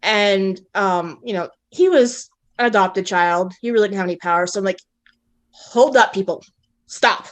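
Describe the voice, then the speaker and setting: A woman guest recounting a past-life memory in casual conversation, lively and full of fillers like "um" and "like", acting out the dialogue as she goes. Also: medium pitch, moderate pace, hardly any pauses. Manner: animated, acts out quoted dialogue; frequent fillers like "um" and "like".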